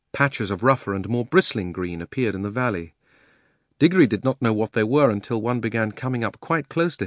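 Man reading a kids' audiobook, expressive, bouncy pitch, dry close mic. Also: no echo. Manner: measured, expressive storytelling. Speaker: narrator.

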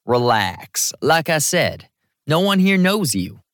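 A man's voice: on the high side, takes it slowly, no echo, clean studio sound, voice pushed up, heavily acted. A man reading an audiobook, voicing a teasing, affectionate young man who jokes easily. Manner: joking, relaxed.

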